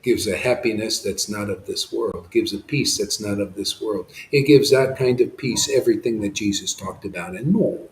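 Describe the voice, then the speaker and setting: A man's voice: lowish voice, moderate pace, few pauses, roomy sound, slight background noise, poor audio. A man giving an informal devotional satsang talk, rambling and impassioned, with frequent restarts and asides. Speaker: devotional speaker.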